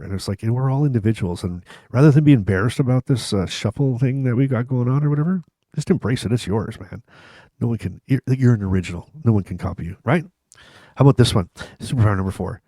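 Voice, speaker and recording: A man in his fifties hosts his own vlog, telling jokes on himself in loose, meandering stories. His voice sits a little low, and he keeps breaking into chuckles and restarting sentences. The sound is dry and close, with no room around it. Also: dark tone, no echo. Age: 50s. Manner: rambling, chuckling, self-mocking, many restarts. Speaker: vlog host. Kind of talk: casual humorous storytelling to camera.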